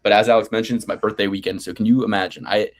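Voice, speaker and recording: A man in his thirties rambles through casual podcast banter with a fairly low voice. He swears freely and talks himself up in a playfully grandiose way as host of a betting picks show. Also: fairly even intonation, racing. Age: 30s.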